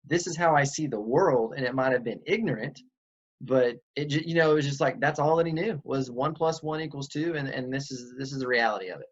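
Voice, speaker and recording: A man hosting a podcast, chatting casually and agreeing often with his guest. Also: medium pitch. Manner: chummy, quick agreeing backchannel. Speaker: podcast host. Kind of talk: casual interview chat. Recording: slightly dull lo-fi audio.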